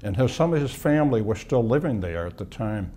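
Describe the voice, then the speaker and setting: Older man in his 80s from Boston, interviewee; mellow tone, reminiscing slowly with pauses and restarts. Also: medium pitch, expressive, a little hiss or hum. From Boston, USA. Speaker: interviewee, war veteran. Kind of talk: oral history interview.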